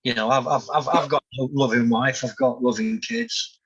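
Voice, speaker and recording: A man's voice: mid-range voice, big pitch swings, moderate pace, a bit bright, husky, dull audio. A middle-aged man hosting a candid podcast chat, hesitant with many ums. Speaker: host.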